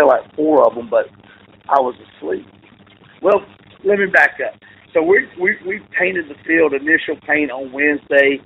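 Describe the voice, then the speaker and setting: A man's voice: medium pitch, gravelly. Man telling stories over a tinny line. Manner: rambling anecdotes with laughs and restarts. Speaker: interview guest, football coach. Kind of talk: casual storytelling. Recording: tinny phone-like call audio with faint noise.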